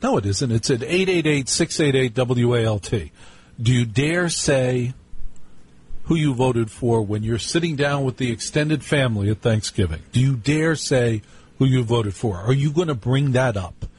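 Radio host guy, husky voice, chatty and wry, spinning a story for callers. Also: mid-range voice, expressive, normal speed, a little mellow. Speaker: radio talk show host. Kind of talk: live call-in radio monologue.

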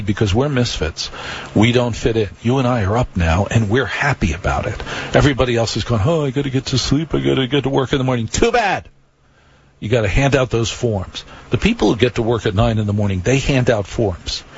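A man's voice: lowish voice, a little hiss or hum. Late night radio guy rambling on, wry and chatty, kinda muffled lo-fi sound. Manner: wry, conversational, repeats phone number. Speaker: late-night radio talk show host.

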